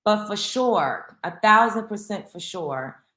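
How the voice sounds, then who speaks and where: A woman chats with her livestream viewers. Her voice is bright and lively. The room around her has a noticeable echo. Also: mid-range voice, slow. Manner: chatty, greets viewers by name. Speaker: livestream host. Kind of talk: casual livestream chat.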